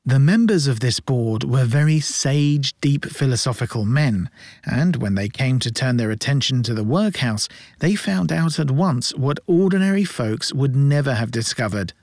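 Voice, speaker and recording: A man's voice: medium pitch, animated, normal speed, darkish tone, no room sound, clean studio sound. Man reading a classic novel aloud. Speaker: audiobook narrator. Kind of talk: scripted narration.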